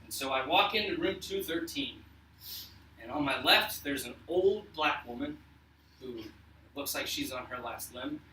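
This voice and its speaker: A young man telling a personal story to an audience, earnest and emotional, with halting restarts. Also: mid-range voice, animated, bright, forceful tone, echoey room, far from the mic, slight background noise, rough recording.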